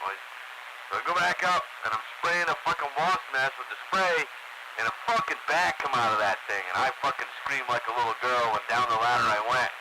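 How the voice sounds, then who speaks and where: A man's voice: medium pitch, a little fast. A man co-hosting a radio show, chatting casually and swearing constantly through his stories. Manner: profane, swears constantly while telling stories. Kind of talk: casual chat. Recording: loud background noise.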